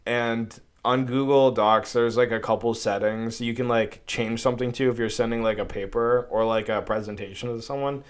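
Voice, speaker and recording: A young man rants into his desk podcast mic, exasperated and rambling, cursing freely as he goes. His voice sits at an ordinary middle pitch, casual and loose. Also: steady tone, moderate pace, few pauses, clean tone. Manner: exasperated, swearing a lot, rambling. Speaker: podcast host. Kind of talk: casual solo podcast rant. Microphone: podcast microphone at a desk.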